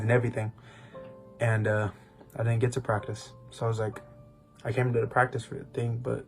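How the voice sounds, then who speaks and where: A man's voice: mid-range voice, a little mellow. Young man telling a rambling testimony. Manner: rambling storytelling with restarts. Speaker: podcast co-host. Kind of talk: personal testimony, casual chat.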